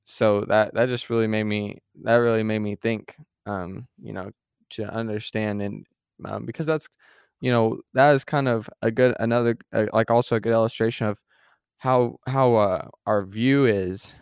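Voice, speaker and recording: In clean, echo-free studio audio, a podcast co-host talks loosely about faith in a low, creaky but clean voice at a normal, steady pace. He wanders, starts over often, leans on fillers and plays out small quoted exchanges.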